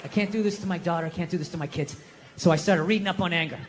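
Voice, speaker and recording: A man doing stand-up comedy in front of an audience, swearing, ranting, and swinging between loud outbursts and low muttering. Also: very fast. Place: comedy theater stage with audience. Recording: live hall with long reverb and faint noise.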